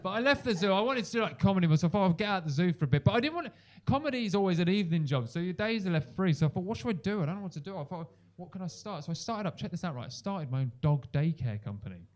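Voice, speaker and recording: Animated young male stand-up comedian. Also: very fast, hardly any pauses. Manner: animated, swings into loud high-pitched acted-out voices. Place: comedy club stage.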